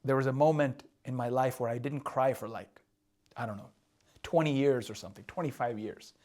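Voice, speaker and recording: A man's voice: mid-range voice, a little fast, a little mellow. A man coaching husbands in a candid, confessional way, often asking "right?" and repeating himself. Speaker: relationship coach. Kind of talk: casual advice talk. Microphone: drawing on a board while talking.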